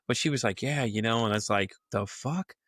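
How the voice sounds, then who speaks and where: A podcast guest with a lowish, brisk, slightly rough voice tells a wild workplace story, recorded in clean studio sound with no room sound. Animated and profane, he laughs often and acts out the people involved with sudden jumps in voice.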